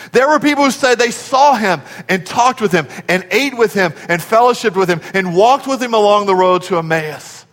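A high-pitched male pastor delivers a dynamic sermon, rising to shouts and dropping to near whispers. He calls on the congregation to repeat after him. His voice rings with the long echo of a large church hall. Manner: urges the congregation to respond. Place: church sanctuary.

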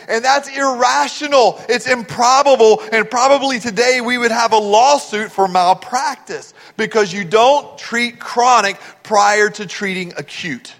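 A man's voice: very high voice, fairly bright tone, big-room sound. A man from Texas preaching a sermon, telling stories with animation and putting questions to the congregation. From Texas, USA. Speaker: pastor.

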